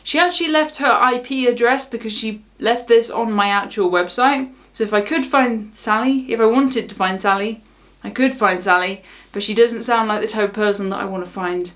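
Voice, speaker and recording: This young cruise vlogger from southern England has a high-ish, fairly bright voice and a southern English accent. Talking casually to camera at a moderate pace, she stays wry and unbothered, laughing things off.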